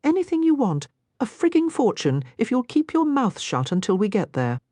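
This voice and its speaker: A woman's voice: on the high side, huge pitch swings, moderate pace, dark tone, no echo, voice pushed up. A woman reading a storybook part as a harsh, curt injured man, in a dry, close recording. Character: gruff injured man, rude gambler.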